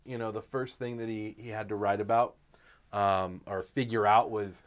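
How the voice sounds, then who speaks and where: A man's voice: on the low side, fairly even intonation, moderate pace. A man co-hosting a casual chat, rambling with many fillers as he retells what someone else said. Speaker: podcast co-host.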